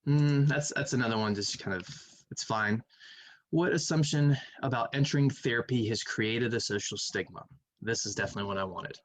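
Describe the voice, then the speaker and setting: Going over quiz answers in a recorded lecture, this math teacher talks casually, reasons out loud, and hums as he reads. He speaks fairly quickly at a medium pitch, and the audio is poor.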